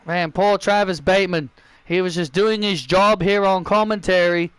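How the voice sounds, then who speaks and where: A man giving excitable play-by-play commentary on a wrestling video game, often repeating himself. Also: high-pitched, moderate pace, smooth, no echo.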